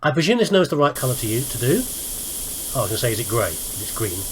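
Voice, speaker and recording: A man's voice: mid-range voice, big pitch swings, quick pace, noisy background. A man giving casual let's-play commentary, rambling and thinking aloud with self-mocking asides. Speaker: gaming video host.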